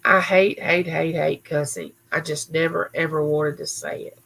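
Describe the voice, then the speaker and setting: A woman's voice: low voice, fairly even intonation, moderate pace, gravelly, fairly bright tone, poor audio. A woman hosting a casual live chat from her home recording room, reading viewer comments aloud and answering people by name. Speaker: livestream host.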